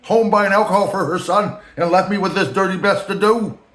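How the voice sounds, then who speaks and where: Brief: a crude, bragging loudmouth supervisor, pitched up and mocking, put on by a man, echoey room. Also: fairly quick. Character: brash loudmouth male store supervisor, boastful.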